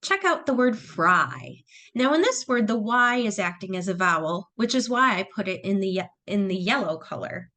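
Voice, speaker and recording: A woman's voice: mid-range voice, very animated, moderate pace, sharp tone. A woman teacher explaining phonics patiently, step by step. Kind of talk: phonics lesson narration.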